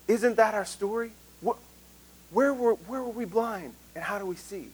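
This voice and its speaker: Earnest, high-voiced male pastor. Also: takes it slowly, pauses often, slightly rough, poor audio. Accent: Southern US. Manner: earnest, conversational, self-deprecating humor. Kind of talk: sermon.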